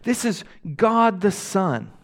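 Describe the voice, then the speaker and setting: A young man delivers a sermon in an earnest, unhurried way. His voice sits a little high for a man, and he lets each phrase land slowly. He swells loud on emphasis, then falls to a hush. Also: very animated. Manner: earnest preaching, swings between loud emphasis and soft hushed lines. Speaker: pastor.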